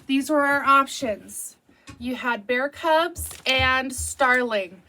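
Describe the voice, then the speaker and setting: A woman's voice: high voice, takes it slowly, sharp tone. A woman hosting a quilting tutorial, wrapping up in a chatty, easygoing, self-deprecating way. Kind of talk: casual tutorial chat.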